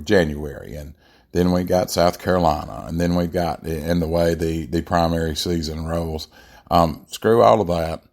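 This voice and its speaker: A man with a very low voice delivers a blunt political monologue as a podcast host. He talks emphatically, and fillers and restarts break up his sentences. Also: darkish tone.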